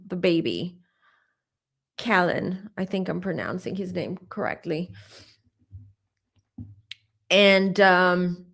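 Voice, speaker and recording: A woman giving a psychic tarot reading to camera, speaking conversationally with many asides, and saying openly that she is getting emotional. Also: mid-range voice. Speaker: tarot reader.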